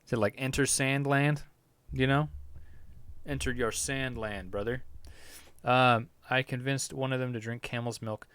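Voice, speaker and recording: Here the same kind of male podcast host speaks at normal speed in a mid-range voice with little pitch movement, slightly bright, clear and resonant, in a dry recording. He rambles crudely and profanely, amused by his own jokes in a loose comedic rant.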